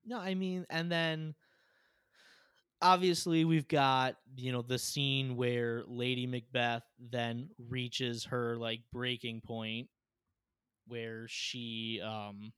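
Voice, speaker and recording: A man co-hosting a relaxed conversation, his voice smooth and resonant. He retells scenes with animated energy and scatters filler words throughout. The sound is dry and close, with no room ring. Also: medium pitch, takes it slowly, no echo. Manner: animated storytelling, frequent "like" fillers. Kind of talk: casual chat.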